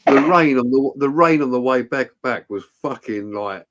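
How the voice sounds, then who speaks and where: A British man in casual chat, telling anecdotes with lots of swearing and quick mimicry. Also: medium pitch, a bit bright, dull audio. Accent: British English. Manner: swears freely, storytelling, mimics voices.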